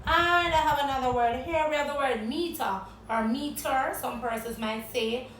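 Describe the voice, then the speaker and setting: A woman's voice: high-pitched, moderate pace, fairly bright tone, echoey room, recorded from a distance, a little hiss or hum, low-quality recording. A woman with a Jamaican accent teaching an English vocabulary lesson, spelling words letter by letter and quizzing a guest.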